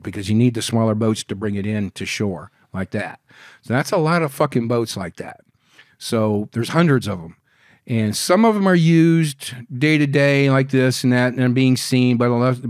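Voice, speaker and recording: A man in his sixties, a podcast guest telling wild stories in a rambling, profane, animated way. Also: mid-range voice, no room sound, clean studio sound. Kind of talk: casual storytelling interview.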